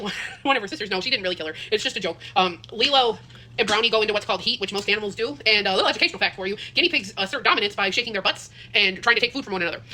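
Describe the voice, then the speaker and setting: A woman's voice: on the high side, bright, forceful tone. A young woman chatting casually while cooking in her home kitchen, rambling and self-deprecating as she drifts off topic. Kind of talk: casual cooking vlog chat.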